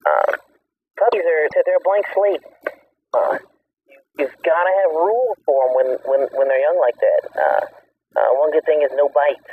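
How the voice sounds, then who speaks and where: A man's voice: on the high side, animated, distant mic, slight background noise. Man on a tinny phone line. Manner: earnest and explanatory, halting with many pauses. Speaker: dog foster facility operator, guest. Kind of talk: call-in radio interview. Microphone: telephone.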